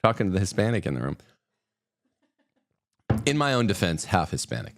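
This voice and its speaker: A man's voice: sits low, big pitch swings, brisk, background noise. A man hosting an opinionated news commentary show, reading headlines and adding sarcastic, mocking asides. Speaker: host.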